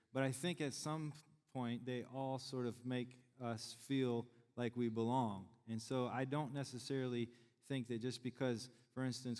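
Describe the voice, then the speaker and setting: A man's voice: darkish tone, clean tone. A middle-aged man, preaching a sermon in a conversational, joking way to his congregation. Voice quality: deep voice. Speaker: pastor. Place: large church sanctuary. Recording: long church hall reverb.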